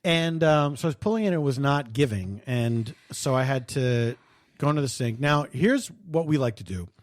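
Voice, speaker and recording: A middle-aged man co-hosting a podcast, telling a story in a wry, animated way and laughing often. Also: medium pitch, normal speed, no room sound, clean studio sound. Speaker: podcast co-host. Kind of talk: casual chat.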